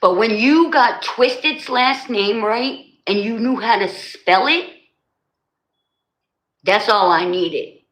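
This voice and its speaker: A woman's voice: on the high side, takes it slowly, a bit bright. A woman hosting a live stream, chatting casually with viewers, teasing them and laughing often. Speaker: livestream host. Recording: echoey room.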